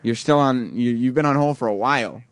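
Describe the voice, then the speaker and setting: A man's voice: mid-range voice, fairly quick, no echo. Wisecracking male radio host. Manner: wisecracking, teasing callers. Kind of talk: casual talk radio banter.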